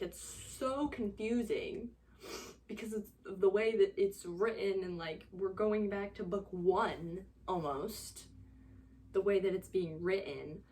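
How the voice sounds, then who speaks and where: A woman's voice: medium pitch, a little mellow, slight background noise. A young woman chatting casually in a reading vlog. She talks in an exasperated, rambling way, full of fillers and dramatic sighs. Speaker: book vlogger.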